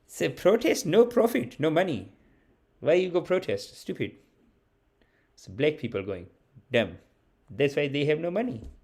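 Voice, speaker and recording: A man's voice: on the high side, sing-song, normal speed, long pauses, a little mellow. A man voicing a scornful older immigrant uncle who scoffs in broken English.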